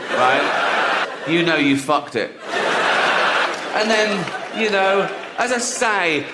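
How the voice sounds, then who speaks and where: English comic doing stand-up, swears a lot, cracks up at himself, bit higher voice, noisy room. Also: male voice. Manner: sardonic, profane, laughs at own jokes. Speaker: stand-up comedian. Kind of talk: stand-up comedy.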